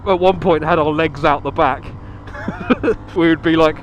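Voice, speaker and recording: A man's voice: on the high side, moderate pace, a little hiss or hum. A man chatting casually into his helmet mic while riding a motorbike on country roads, laughing often and swearing now and then. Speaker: motovlogger.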